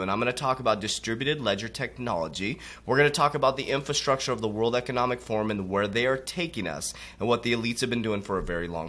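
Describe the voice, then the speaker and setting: A man with a bright, ringing tone delivering a preachy motivational monologue. He hammers his points with repetition and keeps addressing his audience as warriors, sinking low and quiet on each of those tag words. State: coughing from allergies. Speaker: crypto motivational coach.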